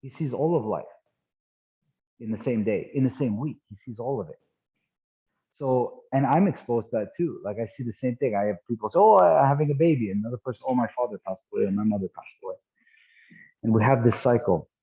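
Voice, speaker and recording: A man's voice: mid-range voice, a little fast, pauses often. A man in his fifties leading a live online training session, talking conversationally, repeating words and checking in with "right?". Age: 50s. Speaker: martial arts instructor. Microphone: video call. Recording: tinny phone-like call audio.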